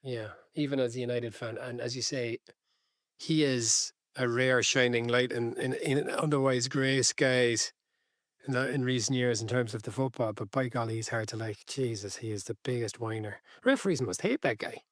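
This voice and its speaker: A man's voice: mid-range voice, moderate pace, no room sound, clean studio sound. An Irish man co-hosting a football podcast, chatting in a wry, hesitant way. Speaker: podcast co-host. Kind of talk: casual chat.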